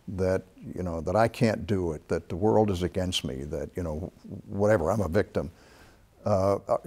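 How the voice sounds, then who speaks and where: A man with a low voice hosts an interview. He phrases his questions haltingly and searches for words as he goes. His tone is conversational. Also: darkish tone. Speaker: host.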